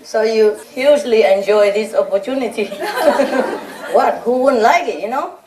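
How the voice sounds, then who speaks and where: A woman's voice: a little high, moderate pace, crowd noise. A teasing, laughing woman teacher. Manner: laughing, chatty, teasing, anecdotal. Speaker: spiritual teacher addressing disciples. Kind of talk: informal talk to a gathering. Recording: echoey room heard from a distance, audience laughter. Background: large audience laughing.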